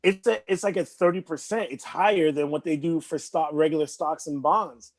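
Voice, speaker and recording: Higher-voiced rambling podcast man. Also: normal speed, dry recording. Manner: rambling, restarts, chuckles. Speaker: podcast co-host. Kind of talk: casual podcast chat.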